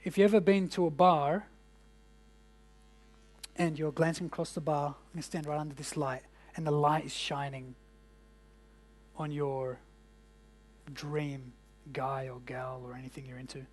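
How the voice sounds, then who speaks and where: In an indoor event room, a man gives a workshop to a live audience of business owners, coaching them casually with jokes and questions for the room. His voice is a little high with little pitch movement, and he speaks at a measured pace with frequent pauses.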